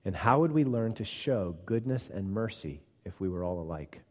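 A man voicing a patient, wise young ram from a storybook, spoken quietly in a deep, mellow tone. A church hall's long reverb trails behind the voice. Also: moderate pace. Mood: gentle. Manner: quiet, calm storybook reading. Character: gentle wise male sheep, patient teacher.

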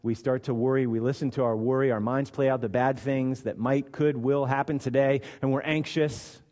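Preacher in a reverberant hall. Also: male voice, mid-range voice, steady tone, moderate pace. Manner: acts out quoted voices, swings from loud to hushed. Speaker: pastor. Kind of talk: sermon.

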